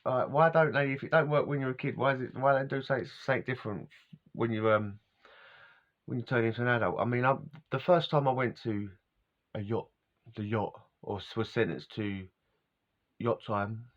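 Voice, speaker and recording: A middle-aged man, telling rambling personal stories as a vlogger, casual and wandering, laughing often and losing his words. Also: medium pitch. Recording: dull lo-fi recording.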